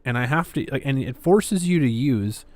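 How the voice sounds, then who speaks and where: A man's voice: medium pitch, expressive, normal speed. Sarcastic man reading chat on stream. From Canada. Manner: sarcastic, swears, reads chat aloud. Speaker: livestream host. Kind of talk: casual livestream commentary.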